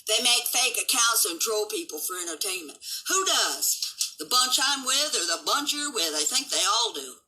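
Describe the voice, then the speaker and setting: A woman's voice: fairly high pitch, animated, normal speed, faint music behind, low-quality recording. Fiery foul-mouthed seventy-year-old woman. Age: 70s. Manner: combative, swearing constantly, shouting at times. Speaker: livestream host. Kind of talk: angry profane rant.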